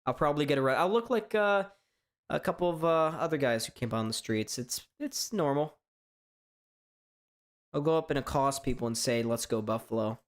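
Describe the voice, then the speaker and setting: A man from hosting a live sports reaction stream, chatting casually in a strained, hoarse voice, rambling and stammering through restarts. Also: a little high, normal speed, long pauses. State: voice straining from shouting. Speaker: sports fan livestream host.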